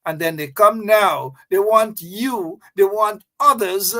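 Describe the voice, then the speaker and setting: A man delivers a fired-up political monologue in a high voice. He reads a news clip aloud, then tears into it with scornful repetition and sarcastic asides. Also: slow pace, pushed and bright. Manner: indignant, repetitive, mocking. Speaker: political commentary host.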